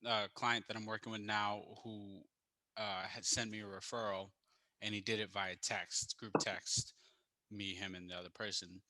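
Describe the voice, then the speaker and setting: A man's voice: on the low side, level tone, normal speed, bright, forceful tone, no echo. A man, a real estate agent, casually asking his coach a question on a group call, hesitant with many fillers.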